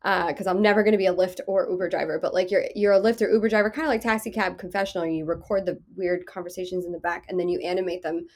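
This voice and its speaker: A woman hosting a podcast, chatting casually in a joking, animated way. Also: lowish voice, quick pace, few pauses. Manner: joking, animated, laughs often. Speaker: podcast host. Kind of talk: casual chat.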